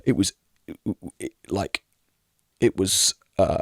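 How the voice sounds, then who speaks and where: A man's voice: deep voice, expressive, takes it slowly, creaky, a bit bright, husky, no room sound, studio quality. A young man ranting in a casual monologue, exasperated, swearing freely and mimicking people mockingly. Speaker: video creator.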